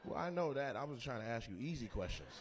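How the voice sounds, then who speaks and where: A man doing stand-up crowd work in a comedy club, loud and teasing, and slipping into playful mock voices. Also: medium pitch, sing-song, quick pace, noisy background. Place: comedy club stage before a live audience.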